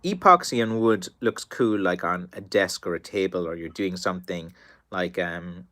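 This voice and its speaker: An Irish man talks loosely through viewer questions on a live stream, circling back with fillers and restarts. His voice sits a little low yet comes across bright and forceful, though worn and tired after a long day of calls, with an occasional cough. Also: moderate pace. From Ireland. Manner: rambling, many fillers and restarts. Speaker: stick maker answering live chat. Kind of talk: casual live-stream chat.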